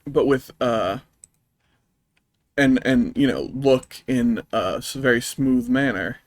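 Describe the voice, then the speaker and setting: A man's voice: mid-range voice, slow pace. Rich: A man in a middle register rants profanely while streaming a game. He rambles and circles back on himself, and the sound is dry and close with no room echo. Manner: profane, exasperated ranting; rambling, with many fillers and restarts. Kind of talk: live-streamed gameplay commentary.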